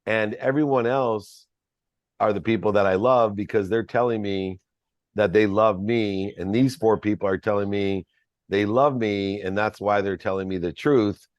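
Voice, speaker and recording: A man's voice: lowish voice, steady tone, moderate pace, dry recording, dull audio. A man, a podcast guest, telling a personal story in an earnest, reflective way.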